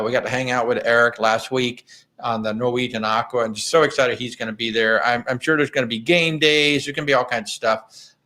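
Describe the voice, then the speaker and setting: A man's voice: medium pitch, pushed and bright. A middle-aged man hosting a live travel Q&A in a chatty, rambling way with frequent restarts. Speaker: travel agent show host. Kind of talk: live Q&A chat.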